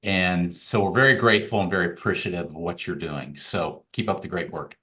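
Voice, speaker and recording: A man's voice: deep voice, fairly quick, sharp tone. A man hosting a podcast interview, friendly and affirming as he asks his guest questions. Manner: friendly, affirming, with short backchannels. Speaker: podcast host.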